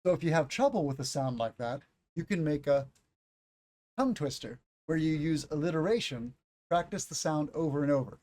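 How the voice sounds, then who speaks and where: A man's voice: on the high side, expressive, mellow. Slightly congested man teaching English. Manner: explains slowly, demonstrates sounds, jokes and laughs. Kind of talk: live-streamed English lesson.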